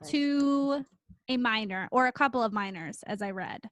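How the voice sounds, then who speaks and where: A woman co-hosting a wrestling podcast in casual chat, chatty and quick to laugh, with many fillers. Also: fairly high pitch, a bit bright, no room sound. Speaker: podcast co-host.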